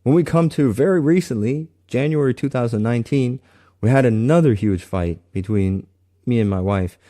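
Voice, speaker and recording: A man sharing a personal faith testimony in an earnest, halting way, often restarting his sentences. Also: mid-range voice, mellow.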